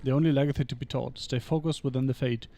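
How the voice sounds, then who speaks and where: A man with a mid-pitched voice reads fantasy game lore aloud during a stream. He moves through long passages at an even reading pace. Between entries he drops short, dry remarks of his own. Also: fast.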